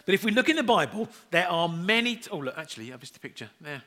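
A middle-aged man delivering a sermon. His voice sits fairly high, bright and forward, and swoops up and down as he spins self-deprecating stories from family life. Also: very animated, fast. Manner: chatty, self-deprecating storytelling, acts out quoted voices. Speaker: preacher.

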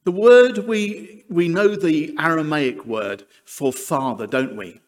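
A man's voice: a little high, takes it slowly. A man preaching a sermon, chatty and self-deprecating with humorous asides. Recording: long hall reverb.

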